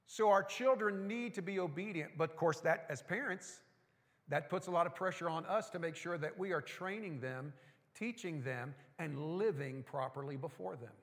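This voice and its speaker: High-voiced folksy preacher in a reverberant hall. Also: male voice, moderate pace. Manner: folksy, animated preaching with mocking asides. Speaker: pastor. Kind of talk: sermon. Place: church sanctuary.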